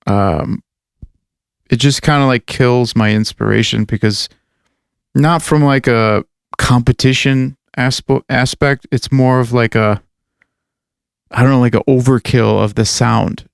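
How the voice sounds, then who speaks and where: A man's voice: mid-range voice, steady tone, measured pace, vocal fry, smooth, no echo, studio quality. A man co-hosting a podcast, rambling casually with lots of fillers and swearing. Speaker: podcast co-host and metal musician. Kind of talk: casual chat.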